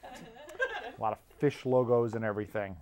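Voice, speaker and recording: A man's voice: medium pitch, huge pitch swings, normal speed, crowd noise. An American man telling a rambling comic story as a podcast host, chuckling often as he goes. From United States. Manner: rambling, chuckles often through his anecdotes.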